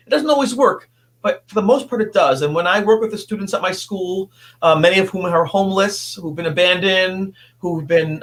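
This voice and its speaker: A high-pitched man recounts a personal story with earnest intensity, stumbling and restarting often. He sounds like a guest in his fifties speaking on an interview show. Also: fairly bright tone. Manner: earnest, halting, many restarts.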